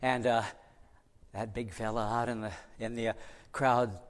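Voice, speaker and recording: A man preaching, telling a story in an animated, dramatic way. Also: medium pitch, a little slow. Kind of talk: sermon storytelling. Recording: long hall reverb.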